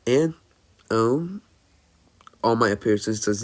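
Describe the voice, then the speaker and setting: A man improvising a fan-fiction story as narrator, halting often with fillers and restarts. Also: mid-range voice, steady tone.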